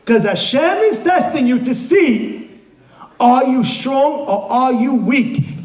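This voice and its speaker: A rabbi with a very high-pitched voice preaches to a live audience. He is emphatic, sinking into quiet asides and then rising to shouted rhetorical questions. The sound carries a strong room echo. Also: lively intonation, measured pace. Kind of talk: motivational sermon. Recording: echoey room.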